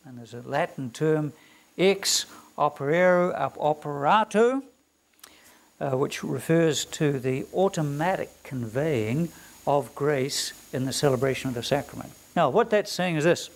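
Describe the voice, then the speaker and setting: A man with a New Zealand accent teaches a classroom lecture in a slightly high voice. He is emphatic, stresses key words and keeps asking his students rhetorical questions. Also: moderate pace, a little mellow. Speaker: theology lecturer.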